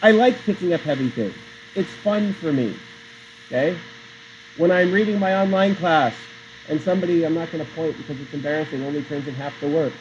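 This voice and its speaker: A man's voice: a little high, fairly quick, a little hiss or hum. A male teacher giving a classroom lecture, chatty and digressive, often quizzing the class. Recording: dull lo-fi sound.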